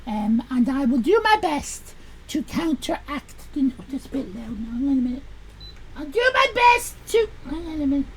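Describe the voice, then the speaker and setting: A woman's voice: high voice, very animated, normal speed, a little hiss or hum. A woman voicing a sassy sixteen-year-old Irish girl, rambling crudely on a live stream.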